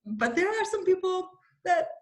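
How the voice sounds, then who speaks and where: A woman joining a casual video-call conversation, speaking in an animated, amused way. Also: very high-pitched, moderate pace. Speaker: panelist.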